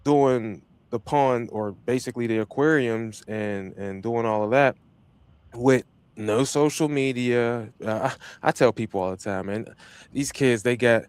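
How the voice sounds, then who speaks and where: A man's voice: mid-range voice, a little slow, a little mellow, smooth, no echo. Hyped, slangy podcast host man. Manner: hyped, slangy, repeats himself. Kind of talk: casual motivational chat.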